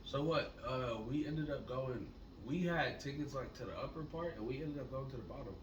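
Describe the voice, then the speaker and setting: A man co-hosting a casual podcast, telling stories in a laid-back, profane way that gets loud when he is excited. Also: mid-range voice, brisk. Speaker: podcast co-host. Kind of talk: casual storytelling chat. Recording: echoey room, mic at a distance, noisy.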